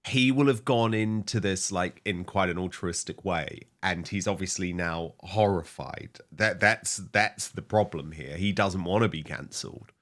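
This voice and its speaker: A man hosting a talk show, delivering his lines in an animated, emphatic way. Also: low voice, a little slow, few pauses. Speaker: host.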